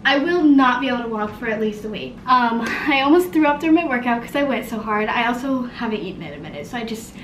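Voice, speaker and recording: A young woman in her twenties chatting casually to camera in a vlog, bubbly and quick to laugh. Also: on the high side, lively intonation, a little hiss or hum. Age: 20s. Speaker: vlogger.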